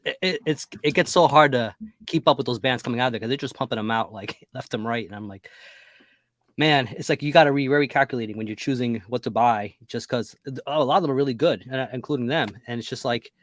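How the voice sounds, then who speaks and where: A man's voice: mid-range voice, fast, no echo. A man guests on a podcast in easygoing, casual chat. He hesitates over words and laughs as he talks. The voice is close and dry with no room to it.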